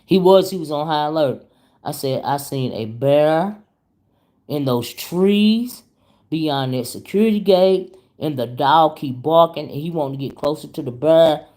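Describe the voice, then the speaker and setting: Casual storytelling comes from a YouTube commentary host on her vlog, who chats animatedly with viewers and calls them "y'all" and "child." She speaks in a low-pitched voice without hurrying.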